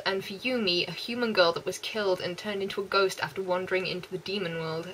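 A young woman with a West Country English accent, chatting excitedly and gushing in repeats as an anime vlogger. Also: mid-range voice, slight background noise, poor audio. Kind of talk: casual chat.

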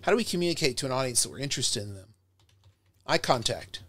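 A middle-aged man, a professor, giving an animated, direct lecture on public speaking to his students, recorded close to a webcam mic. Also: mid-range voice, racing. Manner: animated, direct, demonstrates tones by acting them out.

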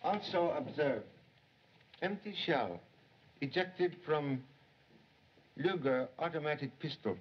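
A composed, sage detective in an old film, his voice sitting a little high. He speaks in terse, clipped sayings that drop the small words. The sound is dull and lo-fi, like a 1930s soundtrack. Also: animated, slow pace, long pauses, breathy edge, heavily acted. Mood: deductive. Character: calm, wise middle-aged male detective.

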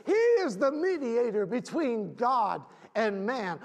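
High-voiced preaching pastor, a man. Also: big pitch swings, takes it slowly, vocal fry, few pauses. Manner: passionate preaching that swings from loud shouts to quiet talk. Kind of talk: sermon. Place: church.

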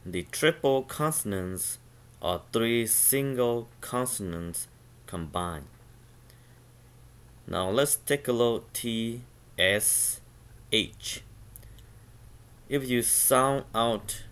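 Male language teacher, low smooth voice, very slow and deliberate drilling of sounds. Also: animated. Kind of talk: slow pronunciation lesson.

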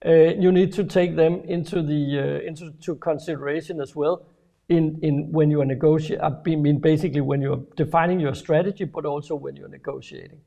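A man's voice: on the high side, steady tone, vocal fry, dark tone. A man co-hosting a business webinar over a video call, talking with many restarts and fillers. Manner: halting, many restarts, laughs easily. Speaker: webinar co-host.

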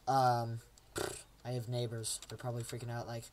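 A man's voice: medium pitch, monotone, normal speed, a little mellow, slight background noise. A young man casually commentating a game he plays at home, joking around and doing silly voices for the characters. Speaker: gameplay commentator.

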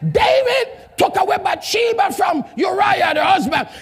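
A man preaching a sermon as pastor, calling out questions to the congregation with a shouting call-and-response manner and non-native grammar, recorded in a large church hall. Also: very high voice, expressive, measured pace, gravelly, soft background music, a faint crowd. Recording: long hall reverb, congregation faint.

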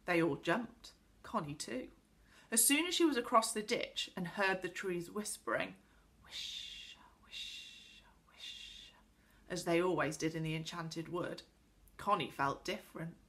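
A woman teacher reads a children's chapter book aloud and now and then turns to speak to her pupils. Her voice is bright and clear, with lively rises and falls. She tells the story in an expressive way. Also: fairly low pitch, normal speed.

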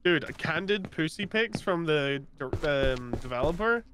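A tired man co-hosting a casual gaming chat, teasing and animated while he watches someone play. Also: a little high, measured pace, soft background music. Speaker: co-host watching a game. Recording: noisy home recording.

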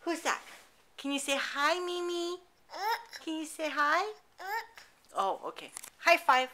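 Give me a woman speaking to her toddler at home in a high, bright, sing-song voice, slow and full of praise. Her talk is warm encouragement, drawn out so the child can follow. Recorded on a small camcorder's built-in mic. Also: animated. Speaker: mother. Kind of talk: playful baby talk with a toddler.

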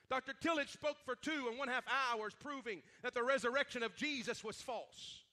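A male preacher in full sermon, fervent and building toward shouts. His voice is very high and strikingly bright. He leans on frequent "uh" fillers between phrases. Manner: fervent, many 'uh' fillers, rising to shouts.

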